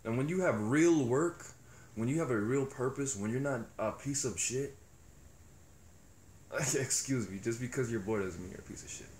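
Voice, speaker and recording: A man's voice: medium pitch, normal speed, darkish tone. Young male vlogger, reflective and foul-mouthed, recorded in a roomy space with a faint hum. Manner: rambling, profane, reflective. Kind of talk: casual monologue. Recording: echoey room with faint ambience.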